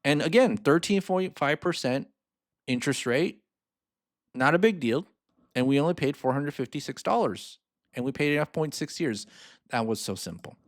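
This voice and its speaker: A man's voice: on the high side, animated, normal speed, dry recording, clean studio sound. An upbeat man teaching a finance lesson over a screen share, reading figures aloud twice and checking in with the viewer. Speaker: finance mentor. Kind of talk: screen-share spreadsheet tutorial.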